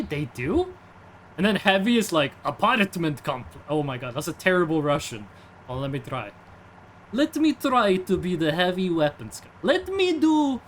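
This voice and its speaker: While streaming a game, a young man chats casually, rambling, reading chat aloud and tossing in jokey asides. His voice sits high and swings widely in pitch, with a faint hum in the background.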